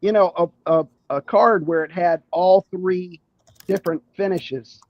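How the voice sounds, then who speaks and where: A man calling in to a betting show, rambling and halting as he explains a result, heard over a dull lo-fi call-in line. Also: high-pitched, steady tone, no echo. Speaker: caller. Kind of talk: phone-in chat.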